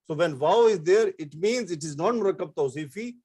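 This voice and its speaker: A man's voice: high-pitched, lively intonation, a little fast, darkish tone, slightly rough. A man teaching an Arabic grammar lesson, explaining step by step and repeating key terms, with frequent fillers and restarts. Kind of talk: online-style grammar lecture.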